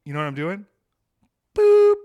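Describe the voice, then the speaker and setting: A man's voice: a little high, animated, fairly quick, lo-fi sound. A young adult man hosting a podcast, ranting in a heated, profane and emphatic way. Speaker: podcast host.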